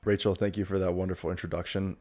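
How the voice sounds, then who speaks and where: A man in his twenties, a guest on a casual podcast, joking in a dry, deadpan way with hesitant fillers. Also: low-pitched, fast. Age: 20s.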